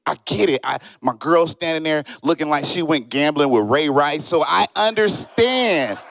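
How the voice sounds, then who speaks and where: A male stand-up comedian tells stories on a comedy stage, switching into different voices for his friends and for strangers. His voice sits somewhat high and moves all over the place. The sound is close and dry. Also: normal speed, vocal fry, no echo. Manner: animated storytelling, acts out friends and strangers in quoted voices. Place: comedy show stage, live audience.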